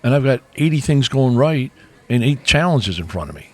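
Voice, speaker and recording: A middle-aged man co-hosting a podcast, talking in an earnest, casual way with many restarts and a slightly hoarse throat. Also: mid-range voice, sing-song, normal speed. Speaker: podcast co-host. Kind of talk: casual chat.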